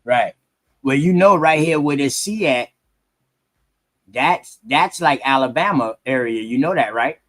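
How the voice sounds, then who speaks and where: A man's voice: medium pitch, animated, measured pace, a bit bright. A man hosting a casual chat, talking in a slangy way and explaining things point by point. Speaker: host.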